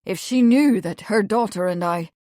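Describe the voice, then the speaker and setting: A woman's voice: medium pitch, moderate pace, mellow, no echo, studio quality, natural voice. A woman doing a stiff young guardsman. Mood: firm. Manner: firm, clipped, then awkward. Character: young male royal guard, stiff and dutiful.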